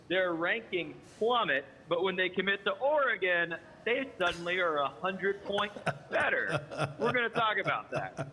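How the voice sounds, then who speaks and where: A man's voice: high-pitched, pushed and bright, long reverb tail, a little hiss or hum, poor audio. A man who hosts a sports show, chatting casually and teasing the other hosts in a wry, dry way.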